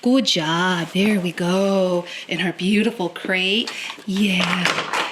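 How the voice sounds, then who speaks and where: A woman's voice: on the low side, flat delivery, slow, heavy background noise. A young woman vlogging at home, casually explaining her dogs' morning care as she works, now and then cooing at her pets. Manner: chatty, explains as she works, baby-talks her dogs. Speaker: pet vlogger. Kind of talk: casual vlog talk while doing chores. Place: home with dogs.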